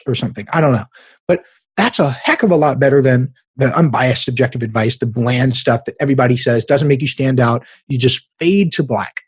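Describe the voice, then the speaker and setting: A man hosting a podcast, giving blunt, animated business advice in a casual way and laughing at himself now and then. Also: medium pitch, brisk, breathy edge, dry recording. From American Midwest. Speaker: podcast host, business coach.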